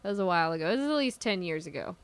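A woman's voice: fairly low pitch, animated, rapid-fire, smooth. A woman in her twenties co-hosting a podcast in casual chat, laughing a lot and joking. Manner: laughs a lot, playful jokes. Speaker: podcast co-host.

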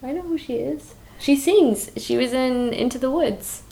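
A young woman co-hosting a movie podcast, playful and quick with asides in casual chat. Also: high-pitched, gravelly, dark tone. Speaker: podcast co-host.

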